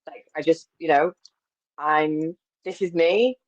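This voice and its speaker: A woman speaking as an interview guest, telling personal stories openly with lively self-corrections. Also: deep voice, takes it slowly. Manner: open, animated, frequent self-corrections and laughs. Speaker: guest, embodiment coach. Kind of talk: candid conversational storytelling. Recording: slightly dull, lo-fi audio.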